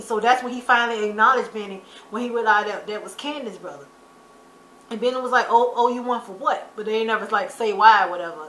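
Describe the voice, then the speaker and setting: A woman with a fairly high, bright, forward voice chats her way through a TV episode recap, full of fillers and sudden loud outbursts. She sounds like she is in an echoey room with a faint hum of noise behind her. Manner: chatty, loose storytelling with many fillers; animated, quick to loud exclamation. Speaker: YouTuber recapping a TV drama.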